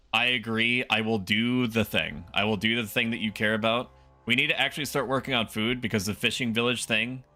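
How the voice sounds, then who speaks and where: A man's voice: fairly low pitch, sharp tone. A man streaming a strategy game, joking with chat while he plays. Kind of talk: casual gaming livestream commentary.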